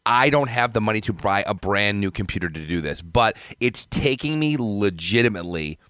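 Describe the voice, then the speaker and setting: A man hosts a casual podcast chat, his voice sitting low and recorded dry and close. He rambles in a self-deprecating way, talking through mouthfuls of food. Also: lively intonation, brisk, pushed and bright, smooth, no echo. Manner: rambling, self-deprecating, talks while eating. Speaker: podcast host.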